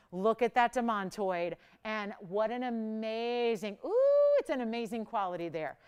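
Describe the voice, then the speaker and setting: A woman hosting a live jewelry auction on a shopping channel, talking in bubbly, fast sales patter and a bit out of breath. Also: mid-range voice, clean tone.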